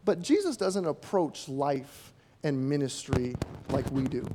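A man's voice: medium pitch, expressive, measured pace, background noise. A man preaching a sermon in a conversational way, asking rhetorical questions and acting out quotes.

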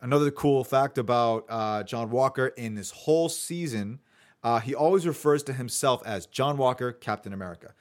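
A man's voice: mid-range voice, normal speed. A man hosting a casual podcast, running through his notes in a chatty way with fillers. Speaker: podcast host.

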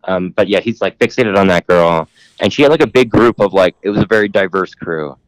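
A man's voice: sits low, a little fast, dry recording. A man telling a long rambling story in casual podcast chat, full of "like" and casual swearing.

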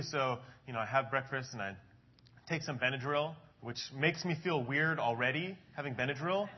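A man's voice: mid-range voice, moderate pace, breathy edge, highs cut off. A man in his thirties, an adult ministries pastor, giving a casual sermon to his congregation in a chatty storytelling way with frequent ums and uhs.

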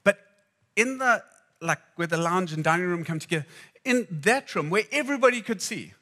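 A man from Zimbabwe preaching a sermon, telling personal stories and swinging between hushed and loud moments. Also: sits high, expressive, moderate pace.

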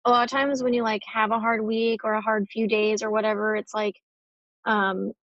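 Woman in her 30s, higher pitch, flat, weary anxious talk, dry dull recording. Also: normal speed, dry recording. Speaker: mother sharing an update. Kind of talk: casual monologue.

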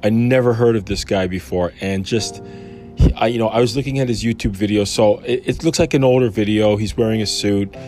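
A man's voice: on the low side, fairly quick, darkish tone, faint music behind. A man casually reading a Bible chapter aloud and commenting on it, enthusiastic and rambling with many fillers.

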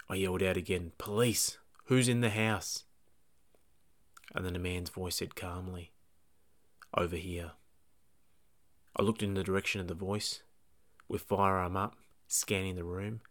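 Deep-voiced man narrating a tense true story. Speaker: police dog handler and podcast host.

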